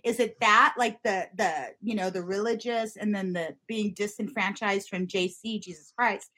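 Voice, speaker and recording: A woman's voice: mid-range voice, steady tone, normal speed, sharp tone. A woman interviewing an author in a casual, rambling way, laughing often and gushing about the book. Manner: giggly, rambling, enthusiastic.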